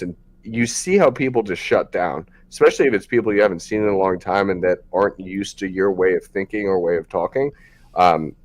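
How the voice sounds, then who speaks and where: A man hosting a podcast, talking frankly in a loose, rambling way with many fillers. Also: on the low side. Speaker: podcast host. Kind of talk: casual podcast chat.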